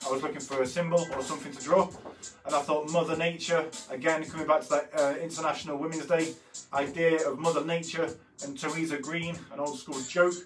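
Man, 30s, art host, slightly high voice, a bit off-mic with faint music under it. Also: distant mic, poor audio. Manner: chatty and rambling, with frequent fillers and self-corrections. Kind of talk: casual walkthrough of artwork.

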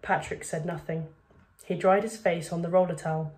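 A woman's voice: fairly low pitch, steady tone, moderate pace, darkish tone. A woman, a primary school teacher reading a children's novel aloud to her class.

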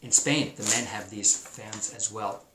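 A man's voice: fairly low pitch, fairly even intonation. Chatty male teacher in an echoey room. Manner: chatty, enthusiastic, drawn-out emphasis. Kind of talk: remote class lesson. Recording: roomy echo, faint noise.

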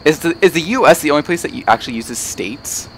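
A man's voice: fairly high pitch, expressive, fast. A man chatting casually and teasing his friend while playing a game. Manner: joking, teasing, sings snatches. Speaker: gamer. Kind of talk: casual gameplay chat. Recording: faint background noise.

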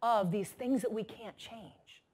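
A woman's slightly high, slightly rough voice comes through at an unhurried pace in her keynote to an audience. As a motivational speaker, she tells stories animatedly and acts out the voices of the people involved.

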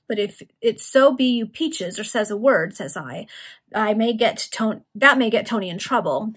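A woman reading aloud, voicing a gruff, rough-spoken male thief who talks in slang. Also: medium pitch, a bit bright. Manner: growling, slangy dialect.

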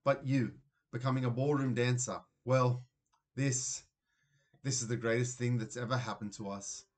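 A man's voice: mid-range voice, fairly even intonation, normal speed, natural voice. A man voicing a weary, grumpy father who works as a security guard, in a children's storybook reading. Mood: blustering.

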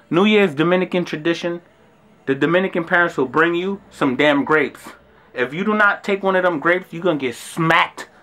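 New York guy in his twenties, slangy storyteller, bright and forceful voice. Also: a little high. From Brooklyn, New York. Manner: animated, slangy and profane. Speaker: vlogger. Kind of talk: casual storytelling.

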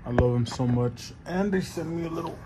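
A man's voice: a little high, a little fast, heavy background noise. A young man talking casually to his camera for a vlog, worn out, sore and lightheaded, with a loose, profane, slangy way of speaking. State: in pain and lightheaded. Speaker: vlogger.

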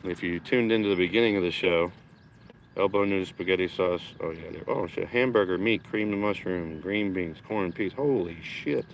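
A man's voice: low voice, normal speed, gravelly, slight background noise, low-quality recording. A man hosting a casual gardening livestream from his backyard, chatting and swearing loosely while reading out viewer comments. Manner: chatty, swears casually, reads chat aloud.

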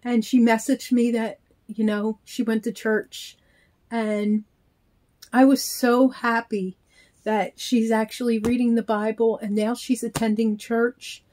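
A middle-aged woman with a slightly high voice chats slowly in a heartfelt vlog. She gushes thanks to a friend as she opens her mail. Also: little pitch movement, darkish tone. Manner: slow, heartfelt, gushing with thanks. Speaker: reborn doll vlogger. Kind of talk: casual chat, unboxing.

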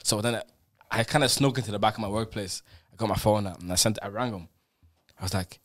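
A young man with a Dublin Irish accent, a podcast guest telling stories with halting restarts. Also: fairly low pitch. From Ireland. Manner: halting, laughing storyteller. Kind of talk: casual chat.

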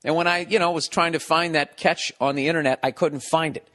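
A man's voice: fairly high pitch, steady tone, fairly quick, bright, forceful tone. A man hosting his podcast alone, ranting sarcastically and with lots of swearing, breaking into mocking impressions. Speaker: podcast host. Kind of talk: solo rambling podcast monologue.

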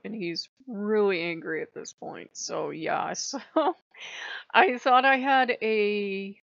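A woman's voice: mid-range voice, slow, creaky, no room sound, muffled recording. A woman hosting her own channel, telling a personal story in a frank, rambling way and swearing often. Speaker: spiritual channel host. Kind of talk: emotional personal vlog.

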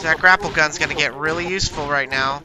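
A man's voice: on the high side, fast. A young man hosting a gaming channel, giving jumpy let's-play commentary and talking to himself and to the monsters chasing him.

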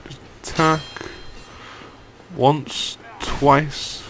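A man's voice: fairly high pitch, level tone, very slow, fairly bright tone, a little hiss or hum. A young man giving casual let's-play commentary, grumbling and swearing when the game annoys him. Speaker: gaming channel host.

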